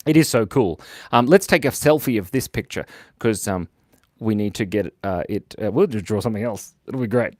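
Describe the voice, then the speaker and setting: Speaking at a normal speed in a lowish voice, this livestream host draws for his audience while chatting loosely, reading comments aloud and cracking jokes at his own expense with frequent laughter. The sound is clean studio audio with no room sound.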